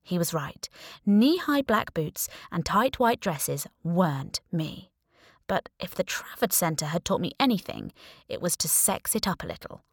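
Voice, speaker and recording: A woman narrating a first-person audiobook in a wry, lively storytelling manner, close to the mic. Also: fairly low pitch, unhurried, no room sound.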